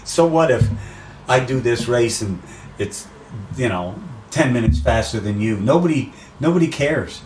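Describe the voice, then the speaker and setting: A middle-aged man chats casually and with animation, leaping up in pitch whenever he acts out what people say. He sits back from the microphone, so his voice comes across roomy and distant. A faint hiss lies under it. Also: expressive, measured pace, a little mellow. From USA. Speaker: race announcer guest. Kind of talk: casual interview chat. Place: outdoors by the sea.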